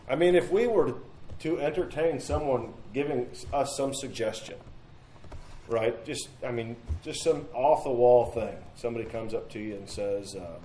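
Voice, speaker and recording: Recorded roughly in a church room with roomy sound and a little hiss or hum, a man with a mellow, mid-range voice teaches a midweek Bible study. He is earnest and conversational, repeating phrases and posing rhetorical questions.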